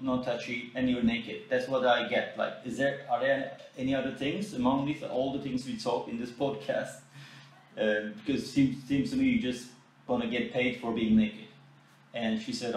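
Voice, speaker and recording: Indignant man in an echoey room. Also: medium pitch. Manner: animated, indignant, mimics quoted exchanges. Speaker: photographer and podcast host. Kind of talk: casual podcast storytelling. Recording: echoey room, mic at a distance.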